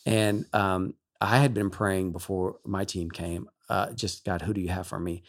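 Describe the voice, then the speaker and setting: A male worship leader, a guest on a talk show, telling an emotional story in an animated way and laughing often. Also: deep voice, unhurried.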